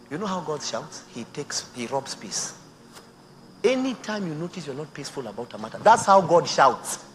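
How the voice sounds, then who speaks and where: A Kenyan man preaching a sermon to married women, swinging between hushed near-whispers and loud emphatic bursts, mixing Swahili phrases into his English. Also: mid-range voice. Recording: noisy outdoor recording with insects.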